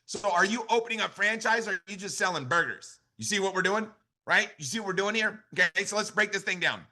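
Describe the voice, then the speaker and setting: A man giving an energetic motivational training on a call, full of repetition and rhetorical questions. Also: high voice, fast. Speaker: network marketing director giving a training.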